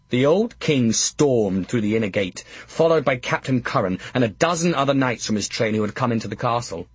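A man narrating an audiobook in a wry, lively storytelling manner. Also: medium pitch, a little fast, hardly any pauses, husky, no room sound.

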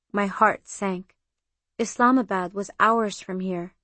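A woman narrating an audiobook in the first person, in an even, measured reading. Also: medium pitch, no echo. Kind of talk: scripted narration. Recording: very dry close studio sound.

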